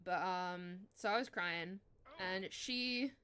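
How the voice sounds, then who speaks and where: A woman in her twenties streaming live, telling a story in casual chat, animated, swearing freely and laughing as she goes. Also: on the low side, slow pace, smooth.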